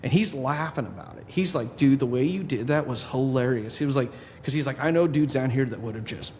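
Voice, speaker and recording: A man telling a story in a casual podcast chat, at a middle pitch, quoting the people he talks about. His voice trails off into a long reverb, with a faint hiss behind it. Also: fairly quick. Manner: animated storyteller, quotes people in his own voice. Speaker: podcast guest, drummer.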